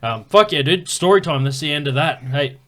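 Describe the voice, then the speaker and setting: A man's voice: fairly high pitch, fairly quick, fairly bright tone. A man hosting a comedy podcast, reacting with loose, crude quips. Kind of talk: casual chat.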